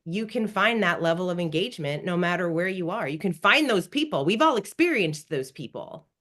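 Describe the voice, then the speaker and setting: A woman's voice: on the low side, brisk. A woman guest on a business podcast who speaks with enthusiasm and tells anecdotes. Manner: enthusiastic, animated when retelling dialogue. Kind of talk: conversational interview storytelling.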